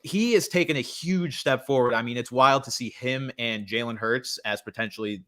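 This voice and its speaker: A young man co-hosting a podcast from a friend's home, talking sports casually with quick joking asides. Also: mid-range voice, fairly bright tone. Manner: chatty, quick asides, self-deprecating humor. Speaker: podcast co-host.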